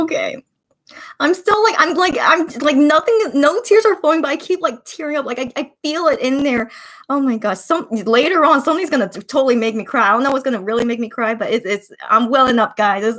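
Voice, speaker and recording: A woman's voice: high voice, quick pace, fairly bright tone. A young woman hosting a casual livestream, chatting emotionally and reading viewer comments aloud. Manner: gushing, emotional, chatty, reads out chat comments. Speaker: livestream host reacting with fans. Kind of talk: casual watch-party livestream.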